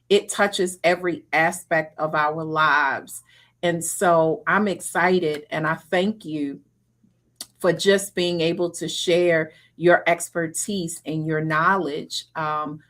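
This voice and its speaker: A woman hosting an interview, speaking in an earnest, affirming way. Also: on the low side. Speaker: interview host. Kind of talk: conversational interview.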